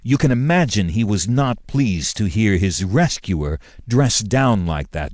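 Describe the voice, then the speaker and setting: A man voicing a formal, indignant male governor who speaks in a measured way with pointed emphasis. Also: on the low side, darkish tone, dry recording, studio quality, natural voice.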